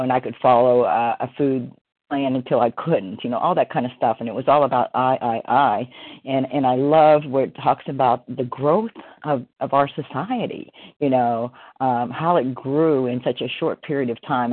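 A woman in her sixties speaks in a rambling, heartfelt way, leaning on filler words as she shares at a recovery meeting. She is on a video call, and her voice comes through a narrow, tinny, phone-like line. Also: a bass voice. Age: 60s. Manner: rambling, heartfelt, full of "you know" fillers. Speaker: meeting member sharing. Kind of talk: casual sharing at a recovery meeting.

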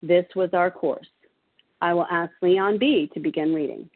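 A woman chairing a meeting, reading its format in a steady, procedural way. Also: on the low side, normal speed. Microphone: phone. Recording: tinny phone line.

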